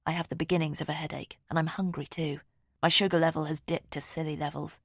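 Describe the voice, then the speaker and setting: A woman reading a thriller audiobook in calm, measured first-person narration. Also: low-pitched, breathy edge, no echo, studio quality.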